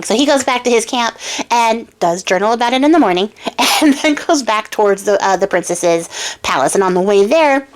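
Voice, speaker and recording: A woman's voice: fairly high pitch, expressive, normal speed. A young woman casually retelling a fairy tale in a chatty, slangy way, laughing often. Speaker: YouTube storyteller.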